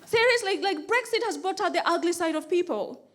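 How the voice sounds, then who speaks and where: A woman from Kenya performing a stand-up comedy set on a club stage, animated and acting out other people's voices. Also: very high voice, fairly quick. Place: comedy club stage before a laughing audience. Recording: live club recording with audience laughter and noise.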